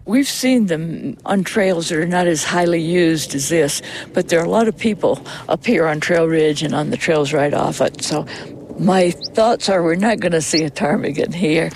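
A woman naturalist talking casually on a high mountain trail, a little short of breath from the thin air, describing what she sees. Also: moderate pace, darkish tone, a little hiss or hum. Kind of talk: casual outdoor field chat.

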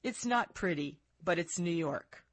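A woman, an author, reading her own book aloud in a measured, reflective way. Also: on the low side, no echo.

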